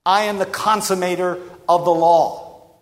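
A man preaching a sermon in an emphatic, rhetorical way with dramatic pauses. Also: sits high, fairly even intonation. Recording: long reverb of a large hall.

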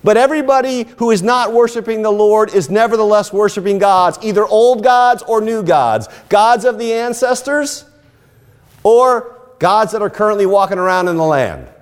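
A man preaching a sermon, telling stories and rising into emphatic, animated lines. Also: sits high, normal speed. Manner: animated storytelling with emphatic rises. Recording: long hall reverb.

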